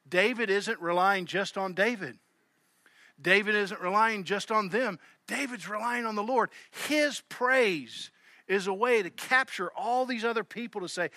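A man with a Southern US accent preaching a sermon as pastor, swinging between loud emphasis and hushed asides. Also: high voice, moderate pace, no echo, studio quality.

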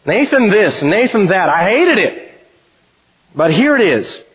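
Male pastor, lively husky preaching voice, somewhat high, muffled recording. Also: measured pace. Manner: animated preaching, reading scripture aloud. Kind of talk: sermon.

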